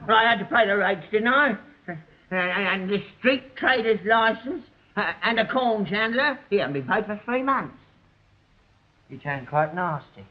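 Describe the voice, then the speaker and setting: Elderly, grumbling London rag-and-bone father, sitcom; high-ish, muffled old recording. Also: unhurried. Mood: defensive. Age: older. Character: old male rag-and-bone man, crafty and stubborn father. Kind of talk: 1960s sitcom acting. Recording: dull old television audio.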